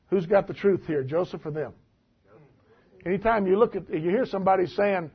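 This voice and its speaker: High-voiced folksy preacher, man. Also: normal speed, husky. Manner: conversational, folksy, asks the congregation questions. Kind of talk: Bible teaching sermon. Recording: dull lo-fi recording.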